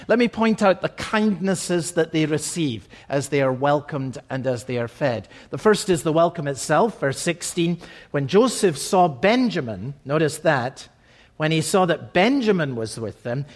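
A man preaching a sermon as pastor, reading scripture verses and explaining them, slowing and dropping softly on key phrases. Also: on the high side.

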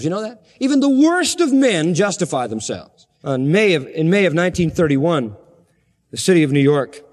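A man preaching a sermon, with emphatic, dramatic stresses and slowed-down key phrases. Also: a little high, darkish tone, big-room sound. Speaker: pastor.

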